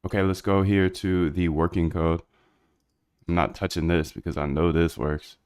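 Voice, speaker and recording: This is a man with a very low voice, loose and slangy as he works through code on a live stream. He mutters to himself and tosses asides at his chat in an easygoing, rambling way. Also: little pitch movement, moderate pace, darkish tone, clear, resonant tone. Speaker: livestreaming programmer.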